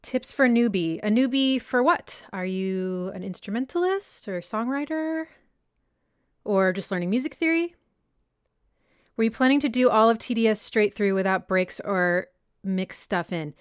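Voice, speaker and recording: A woman's voice: mid-range voice, animated, moderate pace, clear, resonant tone, dry recording, clean studio sound. A young woman hosting a casual livestream Q&A about music, reading viewer comments aloud and answering them in a chatty way. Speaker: music analysis channel host. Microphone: personal desk mic.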